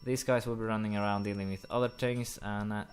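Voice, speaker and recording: A young man commenting casually while playing a strategy game, rambling with many fillers and quick apologetic asides. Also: on the low side, fairly even intonation, slight background noise. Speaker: gaming commentator. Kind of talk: casual let's-play commentary.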